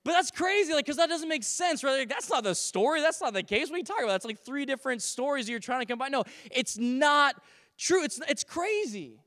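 A man from Canada preaching a sermon as a pastor to his congregation, animated, with humorous asides and acted-out quotes. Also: very high-pitched, brisk, long reverb tail. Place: church sanctuary.

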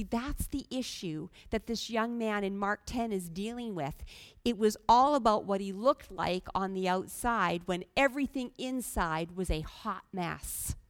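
A woman's voice: mid-range voice, a bit bright, clean tone, no room sound, clean studio sound. A woman preaching a sermon, earnest and pleading, talking plainly to the congregation with sudden emphatic rises. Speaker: guest preacher.

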